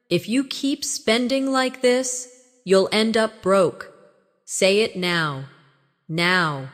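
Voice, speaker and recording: A woman reads out an English lesson in a slow, deliberate voice that sits at an ordinary middle pitch. She gives example sentences and prompts the listener to repeat them, and a long reverb trails after her words. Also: a bit bright. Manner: slow, measured, instructive delivery with pauses for repetition. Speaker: English teacher. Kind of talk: scripted language lesson narration.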